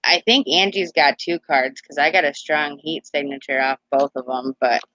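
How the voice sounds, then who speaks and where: A woman's voice: low-pitched, normal speed, a bit bright, no room sound, highs cut off. A woman hosting a casual chat while giving card readings, rambling and laughing often. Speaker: host.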